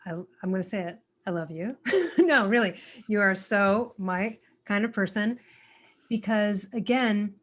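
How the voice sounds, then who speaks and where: A woman hosting a podcast, telling a story candidly with swearing and agreeing warmly with her guest. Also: mid-range voice. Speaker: podcast host. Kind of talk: casual podcast conversation.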